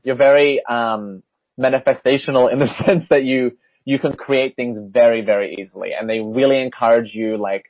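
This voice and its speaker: A man's voice: mid-range voice, steady tone, moderate pace, no echo. A young Australian man in his twenties, a spiritual guide giving a casual reading, laughing between phrases. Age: 20s. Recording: muffled lo-fi call audio.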